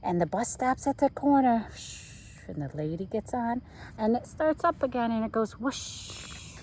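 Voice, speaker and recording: A woman's voice: fairly high pitch, expressive, a little slow, a little mellow, a little hiss or hum, low-quality recording. A woman teacher reading a picture book aloud to children, playfully mimicking the sound effects.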